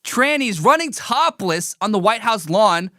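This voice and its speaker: A man's voice: high-pitched, sing-song, measured pace, bright, forceful tone, no echo, studio quality. A man hosting a live political commentary stream, talking in a heated, emphatic and mocking way.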